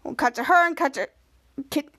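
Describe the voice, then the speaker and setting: A woman hosting a podcast, retelling a TV episode scene by scene in a halting way, with frequent restarts. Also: sits high, sharp tone. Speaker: podcast host. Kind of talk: casual episode recap.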